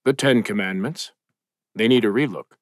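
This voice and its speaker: A man voicing a measured male devil who recites old commandments. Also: fairly low pitch, no room sound, clean studio sound, close to an everyday voice. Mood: calm. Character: calm, knowing male devil advisor.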